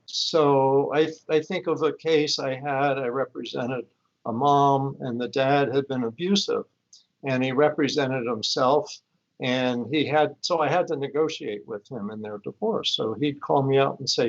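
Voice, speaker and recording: An older man, a guest expert, calmly explaining and telling case stories in a live-streamed interview. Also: medium pitch, normal speed. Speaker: guest expert on high-conflict divorce. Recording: dull lo-fi stream audio.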